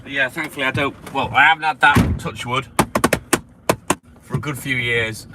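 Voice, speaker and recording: A man's voice: mid-range voice, fairly even intonation, moderate pace. A man chatting casually and bluntly with live viewers while out on his milk round, swearing freely and joking. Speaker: livestreaming milkman. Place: outdoors on delivery rounds. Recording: clear street and vehicle noise behind.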